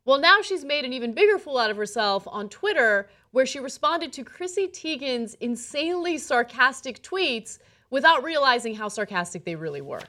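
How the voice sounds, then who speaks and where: A woman's voice: high-pitched, sing-song, normal speed, pushed and bright. A woman co-hosting a casual political commentary show, speaking conversationally and reading posts aloud with a sarcastic lilt. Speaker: co-host.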